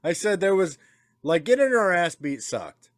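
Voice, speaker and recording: Dad guy swearing thru stories, lively up-and-down voice, bit high, dry room. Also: moderate pace, no room sound. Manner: crude, laughing storyteller. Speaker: podcast co-host, father. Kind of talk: casual chat.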